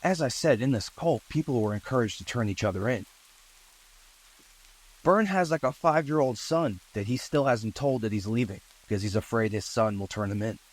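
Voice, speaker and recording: A man narrating a true-crime story in a relaxed, conversational way, with asides and fillers. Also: medium pitch, poor audio.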